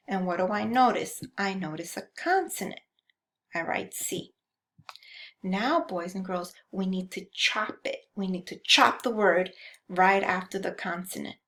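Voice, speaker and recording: Slow, patient woman teaching phonics. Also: medium pitch, fairly bright tone. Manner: slow, clear, sing-song teacherly delivery; addresses children, prompts them to repeat. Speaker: first grade teacher. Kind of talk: recorded phonics lesson for young children.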